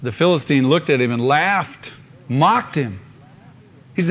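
A man's voice: mid-range voice, lively intonation, unhurried, fairly bright tone. A man preaching a sermon with fervor, acting out scenes in sudden bursts. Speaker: pastor.

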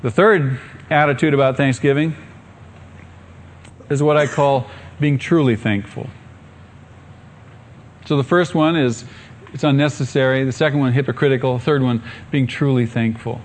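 A middle-aged male pastor preaching a sermon, rising to excited calls and asking the congregation questions. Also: medium pitch, moderate pace, long pauses.

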